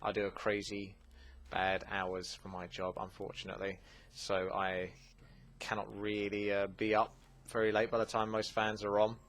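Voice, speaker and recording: A man with a lowish, monotone voice that's a bit bright hosts a gaming channel. His casual Q&A with viewers is chatty and loaded with filler words and quick digressions.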